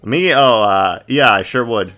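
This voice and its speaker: Guy reading a flustered young lawyer, stammery, bright voice. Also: mid-range voice, expressive, a little slow, soft background music. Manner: hesitant, stammering.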